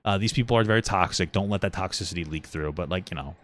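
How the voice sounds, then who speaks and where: A man's voice: sits low, quick pace, a little hiss or hum. A young man co-hosting a podcast, chatting casually, joking and teasing, and swearing often. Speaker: podcast co-host. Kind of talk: casual chat.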